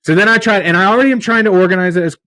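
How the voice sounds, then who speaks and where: A man's voice: high-pitched, racing, bright, forceful tone, dry recording. A man hosting a podcast, telling long stories in a rambling, exasperated way during casual chat. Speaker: podcast host.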